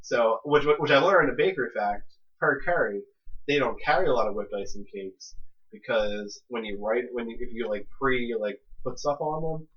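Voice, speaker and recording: A man's voice: medium pitch, moderate pace, a bit bright. A young man hosting a podcast, telling a long story in casual chat with lots of restarts and fillers. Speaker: podcast co-host. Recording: dull lo-fi podcast audio.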